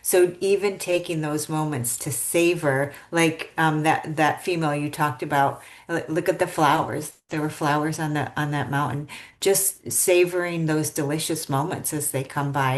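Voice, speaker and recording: Woman, podcast host, low voice, thoughtful, reflective. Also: fairly even intonation, moderate pace, hardly any pauses. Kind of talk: podcast interview.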